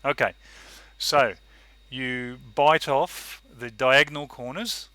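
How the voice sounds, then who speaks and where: Australian co-host, bright tone, rambling chat over a video call. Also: male voice, mid-range voice, fairly even intonation, takes it slowly, no echo. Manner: chatty, rambling, self-interrupting. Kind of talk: casual live-stream chat.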